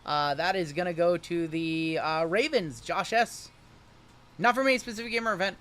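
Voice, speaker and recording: A man's voice: high-pitched, moderate pace, a bit bright. A man hosting a livestream card break, calling each pull with jokey, upbeat banter. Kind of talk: livestream card-opening commentary.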